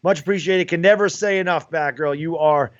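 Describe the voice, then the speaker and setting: A man co-hosting a live football stream, giving relaxed color commentary and thanking viewers in chat. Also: fairly high pitch, fairly quick, no echo, highs cut off. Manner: laid-back banter with chat. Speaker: co-host streamer.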